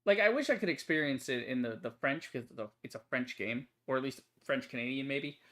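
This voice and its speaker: A young man talks through a game demo in loose, rambling commentary. He keeps restarting his sentences and padding them with fillers, and his pitch sits in the ordinary middle range. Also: lively intonation, brisk, sharp tone. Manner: rambling, full of fillers and self-corrections. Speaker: gaming channel host. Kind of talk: casual let's-play commentary.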